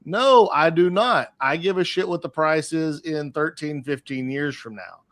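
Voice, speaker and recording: A man's voice: on the high side, a little slow, fairly bright tone, no room sound. A man on a casual market show explaining his long-term investing view, stammering at the start of sentences and swearing casually.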